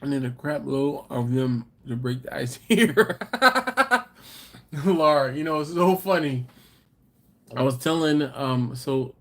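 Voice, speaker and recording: Slow, laid-back man chatting on a live stream. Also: mid-range voice. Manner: laid-back, chuckling, chatty asides to viewers. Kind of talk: casual live chat reading viewer comments.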